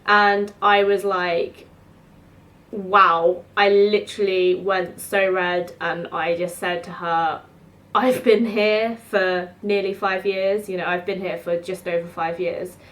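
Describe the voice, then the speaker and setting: A woman in her twenties from England, chatting casually to camera and acting out both sides of conversations in quick bursts. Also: mid-range voice, fairly even intonation, fairly bright tone. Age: 20s. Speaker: vlogger. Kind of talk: casual storytelling vlog. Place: her home.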